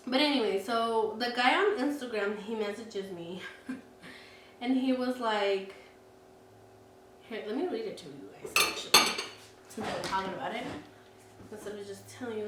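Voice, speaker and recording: A woman's voice: on the high side, fairly bright tone, distant mic, a little hiss or hum. A young woman vlogger telling a story in a candid, chatty way, laughing often and swearing freely. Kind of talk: casual storytime vlog. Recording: echoey room, away from the mic.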